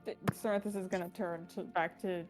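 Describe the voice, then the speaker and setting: A woman's voice: fairly low pitch, fairly even intonation, brisk, over music. A woman playing a tabletop game, talking casually and hesitantly. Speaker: player.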